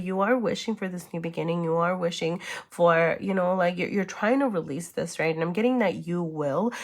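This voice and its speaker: A woman giving a casual tarot reading, chatty and reassuring, speaking straight to the viewer with lots of fillers and check-ins, sniffling a little. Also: fairly low pitch. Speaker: tarot reader.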